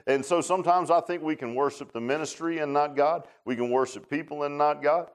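A man's voice: a little high, brisk. A middle-aged man preaching a folksy sermon, telling personal stories in a chatty, drawling way, often repeating words and laughing at his own tales. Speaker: pastor.

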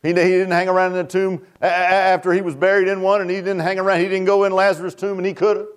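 A man's voice: sits high, little pitch movement, fast, smooth. An older man preaching a fervent revival sermon, folksy and repetitive, often tossing out "huh?" to the congregation. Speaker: pastor.

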